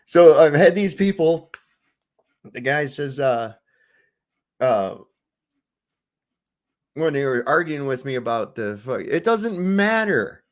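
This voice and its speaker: A man with a voice of ordinary pitch rants casually over clips, swearing, laughing and mocking whoever he talks about. His talk is loose and crude, full of asides. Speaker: streamer reacting to clips. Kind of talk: casual profane commentary.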